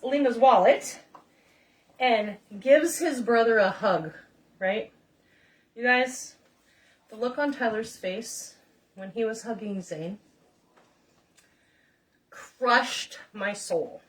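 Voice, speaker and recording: A woman's voice: medium pitch, distant mic. A middle-aged woman chatting and rambling through stories while cooking in her home kitchen, talking straight to her viewers. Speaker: home cook vlogger. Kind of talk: chatty cooking vlog storytelling.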